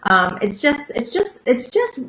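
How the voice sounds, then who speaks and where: A woman's voice: sits high, wildly swooping pitch, a little slow, fairly bright tone, roomy sound, poor audio. A woman co-hosting a podcast in casual, rambling chat, with lots of restarts. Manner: chatty, rambling, many restarts. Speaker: podcast co-host.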